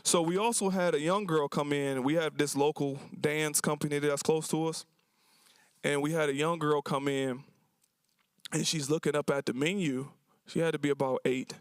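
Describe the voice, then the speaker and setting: A man's voice: fairly high pitch, fairly even intonation, moderate pace, clean tone, dry recording. A man who runs a cafe, speaking at a symposium and telling stories about his customers in a casual, colloquial way, acting out their lines. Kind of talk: storytelling talk to an audience. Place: university symposium event.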